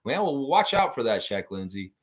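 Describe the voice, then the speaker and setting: Animated, ranting male livestream host. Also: mid-range voice, moderate pace. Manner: animated, ranting, profane, talks straight to viewers. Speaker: fan channel host. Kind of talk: livestream chat reading viewer comments.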